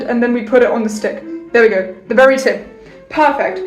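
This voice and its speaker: A woman's voice: fairly high pitch, brisk, soft background music. A woman giving a casual violin lesson in a playful, jokey way, with theatrical asides. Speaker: violin teacher. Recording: roomy echo.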